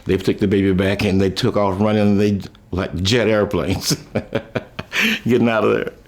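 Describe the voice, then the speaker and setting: A man's voice: fairly even intonation, a little slow. Older man telling rambling folksy stories. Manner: chuckling, folksy, trails off and restarts; raises his voice high when quoting others. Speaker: musician recalling his life. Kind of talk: rambling storytelling.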